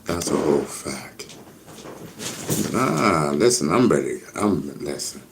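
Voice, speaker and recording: A man's voice: very deep voice, big pitch swings, slow, gravelly, background noise. A man hosting a casual livestream, reading viewer comments aloud and riffing on them with repeated catchphrases. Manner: reads chat comments aloud, repetitive catchphrases. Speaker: livestream host.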